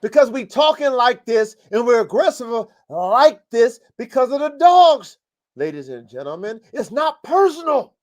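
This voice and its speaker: A man's voice: very high-pitched, very animated, unhurried. A man hosting a live podcast, coaching dog breeders in a blunt, profane, fired-up way. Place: home studio, live stream.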